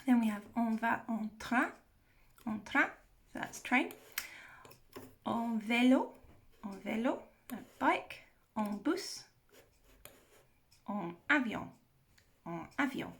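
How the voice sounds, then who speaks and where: A woman teacher, slowly walking through vocabulary and repeating each word with care. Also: fairly high pitch, expressive. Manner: slow, careful explanation with repeated words. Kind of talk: recorded vocabulary walkthrough.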